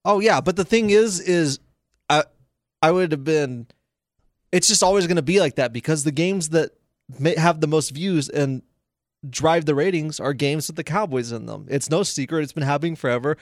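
Young man, podcast co-host, excitable, slightly high voice, dry close sound. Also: no room sound. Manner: excitable, animated, quick to argue. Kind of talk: casual sports chat.

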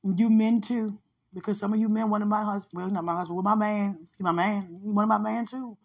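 A woman's voice: medium pitch, steady tone, brisk, a little mellow, husky, lo-fi sound. A woman minister sharing a personal spiritual testimony in a heartfelt, conversational way, often repeating phrases for emphasis.

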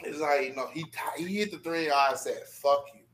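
A man's voice: on the high side, fairly quick, noisy background. A man who is a guest on a casual podcast, teasing playfully and often laughing while he talks. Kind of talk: casual chat.

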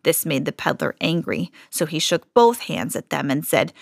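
Woman narrator, children's picture book read-aloud, expressive, slows down on refrains. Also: low voice, creaky. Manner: expressive, lingers on repeated phrases. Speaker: storybook reader, podcast host.

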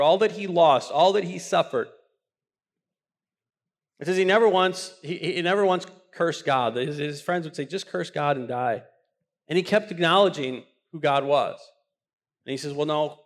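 A man preaching a sermon with passion, often repeating words as he builds up a point. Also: a little high. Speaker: pastor.

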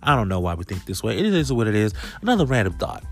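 A man's voice: on the low side, very animated, fast talker, faint music behind. A man comedian riffing through loose, rambling slangy jokes in a monologue vlog.

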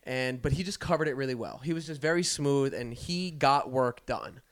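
A man's voice: mid-range voice, moderate pace. A man hosting a podcast, casually telling a rambling story with frequent laughs and swearing. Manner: rambling, laughs between phrases, swears freely. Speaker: podcast host.

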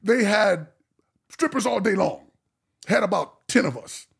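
A man with a high voice and a gravelly, husky edge tells wild stories as a podcast guest. He talks in a loose, slangy and animated way. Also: unhurried. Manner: animated, slangy, laughing storyteller. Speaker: guest, male stripper. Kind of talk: casual storytelling.

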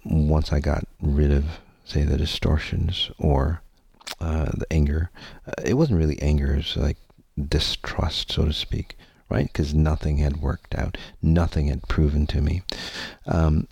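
A man's voice: very deep voice, creaky, darkish tone, breathy edge, no room sound, studio quality. A man telling a candid personal story to his audience, rambling and earnest, with many fillers and some casual swearing.

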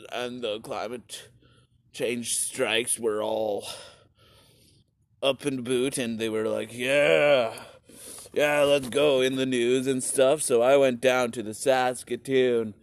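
A young man telling a crude, sarcastic comic story in rambling bursts, sometimes shouting. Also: mid-range voice, little pitch movement, slow pace, no echo. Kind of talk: rambling comedic storytelling rant.

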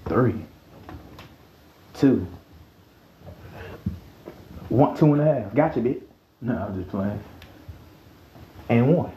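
A man hosting a casual podcast rant, heated and profane, dropping to low mutters and jumping up to high yells. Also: animated, very slow, long pauses, a little hiss or hum. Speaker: podcast host. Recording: roomy, dull lo-fi sound.

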